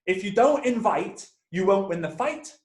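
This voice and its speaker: A boisterous older dad who never grew up, as his son puts him on. He bursts in and shouts with glee, and the voice sits high. It rings in an echoey room. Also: animated, moderate pace. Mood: teaching. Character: excitable older British dad, a loud big kid.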